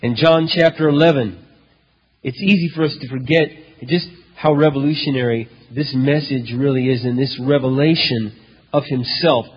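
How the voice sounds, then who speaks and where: A male pastor preaching a sermon, telling a story dramatically, with loud emphatic peaks and hushed low passages. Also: normal speed, husky. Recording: dull lo-fi recording in a reverberant hall.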